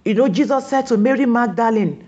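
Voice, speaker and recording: A woman preaching a sermon, pressing her listeners with repeated questions and slowing down on key words for emphasis. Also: fairly high pitch, warm tone, muffled recording.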